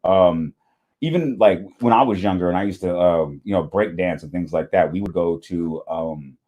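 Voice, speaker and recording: A man hosting a reaction video, talking in casual, animated, slangy commentary with frequent laughs and swearing. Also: deep voice, moderate pace, muffled recording.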